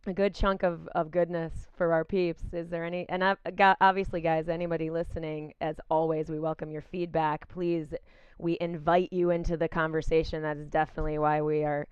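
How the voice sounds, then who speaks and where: A woman's voice: deep voice, flat delivery, a little fast, smooth, no room sound, muffled recording. A woman co-hosting a casual podcast, chatty, laughing often and full of "you know" and "like" fillers. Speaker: podcast co-host.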